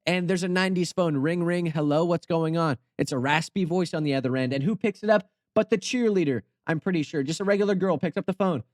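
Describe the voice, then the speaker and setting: A man's voice: sits high, quick pace, hardly any pauses, dry recording, studio quality. A young man hosting a channel, retelling a horror movie with goofy, rambling, sarcastic asides. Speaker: channel host. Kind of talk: comedic storytelling commentary.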